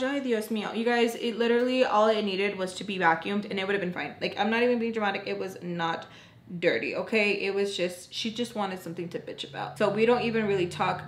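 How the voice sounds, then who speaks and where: A woman's voice: medium pitch, reverberant, slight background noise. A young woman telling a personal storytime in casual chat, quoting people and sighing now and then. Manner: chatty, quotes people in her own voice, sighs often. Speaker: storytime vlogger. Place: indoors, rain audible outside.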